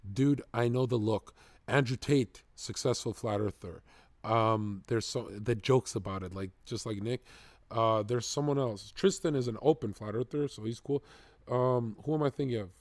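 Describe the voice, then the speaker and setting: Male streamer: crude, excitable, joking reaction commentary in a dry, close recording. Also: lowish voice, dry recording. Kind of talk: casual profane live-stream commentary.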